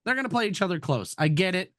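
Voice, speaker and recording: Excitable, swearing man talking bets. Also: high voice, quick pace, dry recording, studio quality. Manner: loud, jokey, swears a lot. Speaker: podcast co-host. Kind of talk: casual sports betting chat.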